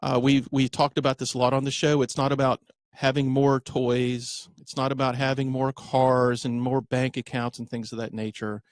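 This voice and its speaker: A man's voice: medium pitch, flat delivery, dry recording. A man hosting a radio talk show in a studio, chatty and correcting himself as he goes. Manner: chatty, self-correcting, slows for emphasis.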